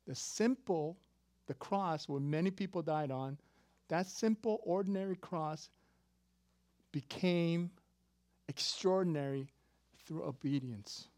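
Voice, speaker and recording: Pastor in his fifties, a bit high-voiced and lively, dry close sound, jokey sermon delivery. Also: takes it slowly, no echo. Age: 50s. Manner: animated, jokey, swings between loud emphasis and quiet asides.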